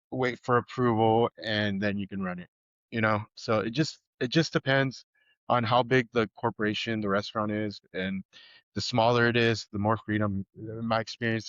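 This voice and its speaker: A low-pitched man talking as a chef guest on a podcast, easygoing and chatty. His voice comes through a little dull and lo-fi, with a dry, close sound. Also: no echo. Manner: relaxed, laid-back talk with easy laughs. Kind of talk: casual podcast chat.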